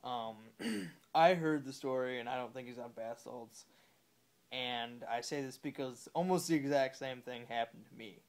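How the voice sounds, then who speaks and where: A young man telling a story casually into his phone after a few beers, rambling and halting with many fillers and curses. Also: medium pitch, a little hiss or hum. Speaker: vlogger.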